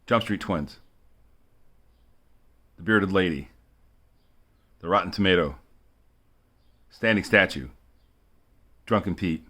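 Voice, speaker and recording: A man's voice: deep voice, slow, long pauses, bright, forceful tone. A man rambling through a monologue for his video blog, repeating himself and chuckling between asides. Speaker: video blogger.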